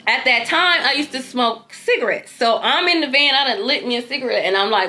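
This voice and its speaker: An animated woman tells a dream story straight to her viewers, loose and informal, with casual swearing. Her voice sits somewhat high and sounds bright and forceful. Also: a little fast, hardly any pauses. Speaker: tarot reader recounting a dream.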